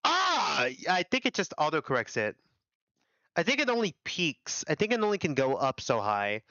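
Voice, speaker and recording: Animated young man reacting with lively swings. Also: fairly high pitch, brisk, no echo, lo-fi sound. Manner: animated, swearing, laughing. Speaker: streamer reading a fan visual novel. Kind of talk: casual reaction chat. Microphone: desk mic.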